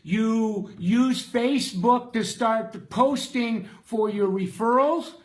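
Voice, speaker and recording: Excitable middle-aged man, shouting bursts. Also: extremely high pitch, slow. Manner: casual, slangy and restless. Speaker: salon business coach. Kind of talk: live-stream coaching, reading out viewer comments.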